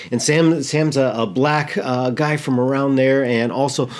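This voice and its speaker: A man, a pastor, telling a story in a sermon, halting and repeating words earnestly. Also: mid-range voice.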